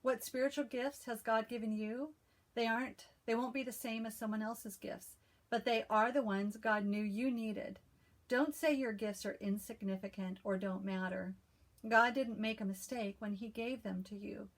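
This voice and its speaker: A woman hosting a casual stitching vlog, who chats and reads a devotional aloud in a calm, soothing voice with frequent restarts. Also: on the high side, moderate pace. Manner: chatty, with frequent restarts and fillers. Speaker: cross-stitch video host. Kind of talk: casual chat and devotional reading.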